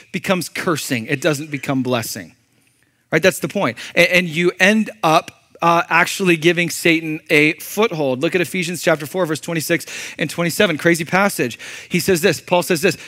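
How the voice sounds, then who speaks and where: A male pastor delivering a sermon with a tense, forceful brightness to his voice. He talks to the congregation conversationally, asking them questions, then surges into loud emphasis before dropping low and intense.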